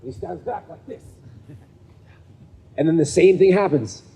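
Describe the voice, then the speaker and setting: At an event venue before a live audience at a men's gathering, a man with a slightly high, gravelly, dark voice tells stories at a normal speed. He's conversational, often checking in with "right?" and acting out the people in his tales. The recording has a hall's long reverb and slight background noise.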